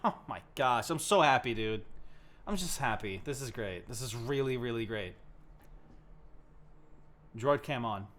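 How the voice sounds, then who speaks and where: A young man casually chatting on a live stream from his home setup, gushing and excitable and swearing freely. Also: mid-range voice, unhurried, long pauses.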